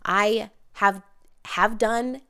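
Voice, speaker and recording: A woman's voice: mid-range voice, steady tone, very slow, sharp tone, clear, resonant tone. A woman hosting her own podcast as a wellness coach, talking candidly and with emphasis in a motivational monologue, swearing casually. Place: home near the Caribbean.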